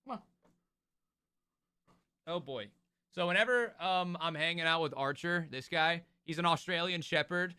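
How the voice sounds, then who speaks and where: A man's voice: fairly high pitch, moderate pace, pauses often, sharp tone, smooth, no echo, studio quality. A young man streaming, chatting casually and rambling with his viewers, laughing often. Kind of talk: casual livestream chat.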